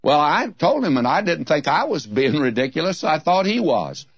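A man's voice: fairly high pitch, very animated, moderate pace, no room sound. A man preaching in a folksy, storytelling way, teaching from the Bible with emphatic points. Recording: dry, slightly dull lo-fi recording.

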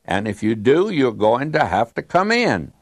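A preacher putting on a firm, no-nonsense mother scolding her son. The voice stays near his own middling pitch, with no change of timbre. The sound is dry and close. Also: very animated, normal speed, no echo.

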